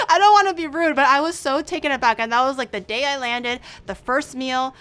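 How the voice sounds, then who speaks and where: A woman hosting a casual chat stream, telling stories in an animated, rambling way. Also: high voice, a little fast, hardly any pauses, smooth, soft background music. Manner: chatty, animated storytelling with restarts. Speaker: streamer host.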